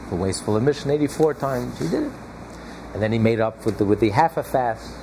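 A man's voice: mid-range voice, lively intonation, quick pace, creaky, noisy background. A man teaching a text to a small study group, emphatic, repeating his key points and chuckling now and then. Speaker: Torah class teacher.

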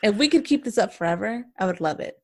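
A woman co-hosting a casual podcast, candid and blunt, telling animated stories from her workday. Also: mid-range voice, quick pace. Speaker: podcast co-host.

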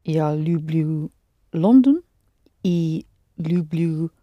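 A woman's voice: sits low, lively intonation, drawn-out words, dark tone, dry recording, lo-fi sound. A woman studying Russian, answering carefully word by word in a lesson. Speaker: language student. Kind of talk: language lesson.

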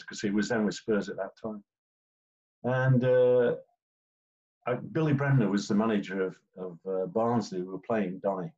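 A man's voice: on the low side, fairly even intonation, normal speed, darkish tone. Older man telling referee stories, lo-fi. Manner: chatty storyteller, acts out quoted players. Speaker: former football referee. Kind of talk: interview anecdotes. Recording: dull lo-fi recording.

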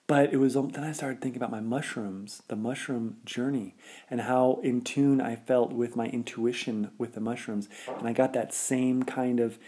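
A man's voice: mid-range voice, fairly even intonation, moderate pace, dark tone. A young adult man telling a personal story in a casual, rambling, laid-back way, full of filler words.

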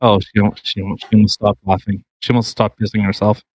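A man's voice: on the low side, flat delivery, brisk, no room sound, low-quality recording. Swearing man co-hosting a podcast, dry sound. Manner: swears freely, laughs while reading a news article. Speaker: podcast co-host. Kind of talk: casual podcast chat.

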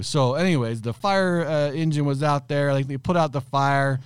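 Smooth-voiced man telling a rambling story. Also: a little high, normal speed, dry recording, studio quality. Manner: animated, rambling anecdote with many restarts. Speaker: landscaping company owner. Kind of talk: casual storytelling in a podcast interview.

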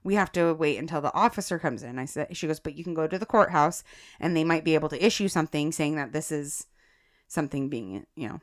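Telling a personal story during casual chat, this chatty woman podcast host is an animated storyteller who laughs a lot and addresses her audience as "guys." She has a low-pitched voice and talks quickly.

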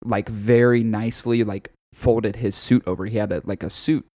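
A man co-hosting a podcast, telling a story in casual, profane, animated chat. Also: on the low side, moderate pace, dry recording, clean studio sound. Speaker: podcast co-host.

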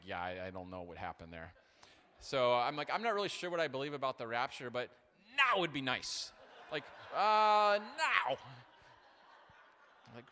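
Bright-voiced male pastor in reverberant hall. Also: medium pitch. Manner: animated, self-deprecating, many fillers and restarts. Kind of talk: sermon with storytelling.

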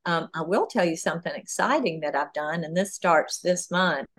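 Animated woman guest in a podcast interview. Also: fairly low pitch, normal speed. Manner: animated, talks through ideas with many fillers. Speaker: author and guest.

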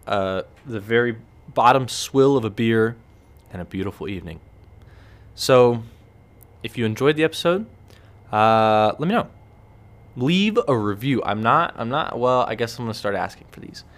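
Rambling, wry male podcast host. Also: medium pitch. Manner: rambling, wry storytelling with lively acted-out quotes. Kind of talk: casual solo podcast rant. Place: relaxed evening setting with a cigar and beer.

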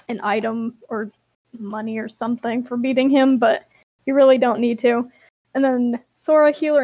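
A young woman hosting a podcast, recapping a story in an animated, giggly way. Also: on the high side, highs cut off. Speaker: podcast host. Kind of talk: casual chat.

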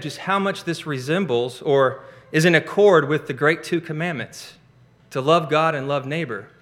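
A pastor delivers his sermon in a bright, forceful tone. His voice sits a touch above the usual for a man. He drives each point home with emphatic, rising stresses. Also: a little high.

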